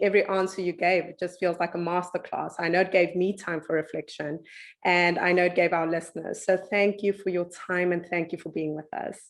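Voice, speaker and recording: A woman hosting a podcast, effusive and upbeat as she wraps up the episode. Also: lowish voice. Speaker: podcast host. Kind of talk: podcast wrap-up.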